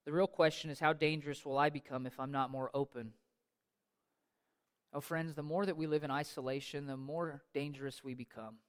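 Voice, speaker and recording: A male pastor preaching a sermon with passion, swinging from loud declarations to hushed, intimate passages. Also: a little high, fairly even intonation, a little fast, clean tone, long reverb tail. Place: church sanctuary.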